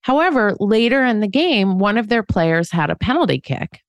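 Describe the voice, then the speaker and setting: With a medium pitch that swings widely, a podcast co-host in her forties chats casually at a normal speed. Her storytelling is frank and self-deprecating, and she frequently laughs at herself; there's no echo on the recording.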